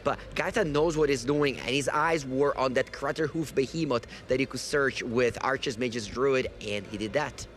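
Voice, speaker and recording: A man giving lively, analytical live commentary on a card game match, correcting himself as he goes. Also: medium pitch, moderate pace, hardly any pauses. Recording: faint background noise.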